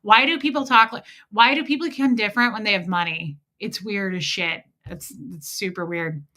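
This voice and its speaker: A woman's voice: mid-range voice, moderate pace, bright, forceful tone. A woman hosting a casual livestream chat, sarcastic and mocking, swearing freely and greeting viewers by name. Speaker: livestream host. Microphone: home streaming mic.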